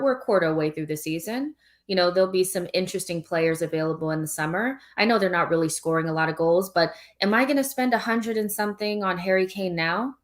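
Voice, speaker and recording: A woman co-hosting a football live stream, talking at length in a casual way. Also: fairly low pitch. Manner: talkative, explains at length with "like".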